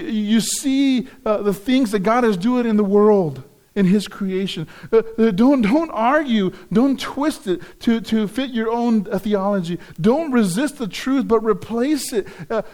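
A man's voice: sits high, unhurried, few pauses, darkish tone. A man preaching a sermon as pastor, earnest and repeating key phrases for emphasis.

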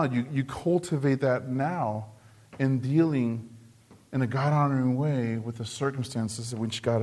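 Earnest in tone, this man delivers a sermon, circling back to repeated phrases for emphasis. On the key words, he goes quiet and low.

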